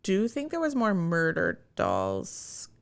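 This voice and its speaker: A woman's voice: on the low side, wildly swooping pitch, slow, vocal fry. A woman co-hosting a podcast, chatting casually, hesitant and mostly giving short replies. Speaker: podcast co-host. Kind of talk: casual chat.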